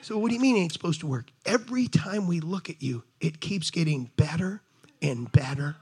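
A middle-aged man preaching a sermon to a congregation in an animated, conversational way, talking straight to his listeners. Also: a little high, brisk, slightly rough. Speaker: pastor. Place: church service before a congregation.

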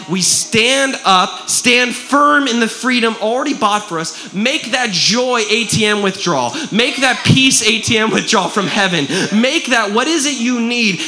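A man preaching a sermon, telling a story in an animated way and often checking in with his listeners. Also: sits high. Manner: animated, keeps asking "right?".

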